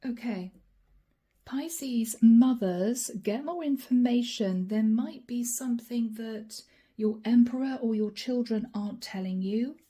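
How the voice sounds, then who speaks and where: A woman giving a channeled tarot reading in a hoarse, raspy voice that is fading, speaking softly with whispered asides. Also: fairly high pitch, slow. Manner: soft-spoken with whispered asides. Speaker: tarot card reader.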